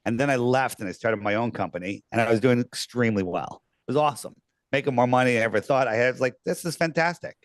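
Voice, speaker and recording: A man's voice: mid-range voice, fast talker, no echo. A man telling his story as a podcast guest, rambling with lots of fillers and restarts. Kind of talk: casual storytelling.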